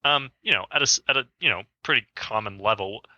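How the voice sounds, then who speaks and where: A man's voice: fast, no room sound, muffled recording. A man co-hosting a podcast, explaining ideas in casual conversation and acting out spoken examples. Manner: explains with spoken examples, animated pitch jumps. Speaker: podcast co-host.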